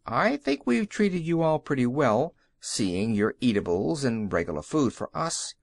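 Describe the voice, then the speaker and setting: A plucky little girl from a storybook, as a man puts her on, blunt and indignant, her voice pitched up and lively. Close and dry. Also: a little slow, creaky, dry recording, full character voice. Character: plain-spoken young girl, bold.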